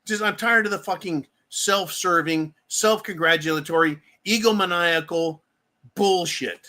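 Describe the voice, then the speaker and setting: Male commentator, high bright voice, profane and heated, sarcastic rant delivery. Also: unhurried. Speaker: political commentator. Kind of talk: angry political rant.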